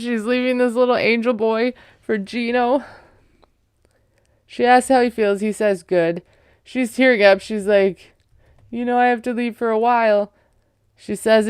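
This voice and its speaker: A chatty woman in her thirties recaps a reality show in a loose, sarcastic way, full of "like" and "you know". Her voice is very clean and smooth. The recording is dry and close, with no room sound. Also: mid-range voice, dry recording. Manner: chatty, sarcastic asides, laughs often, many fillers. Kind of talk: casual recap commentary.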